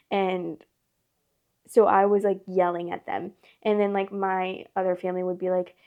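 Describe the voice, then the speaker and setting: A woman's voice: fairly low pitch, steady tone, a little fast, gravelly, dark tone. A woman hosting a casual storytime, rambling and filling her talk with constant "like". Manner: rambling, filler-heavy with constant "like". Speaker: storytime host.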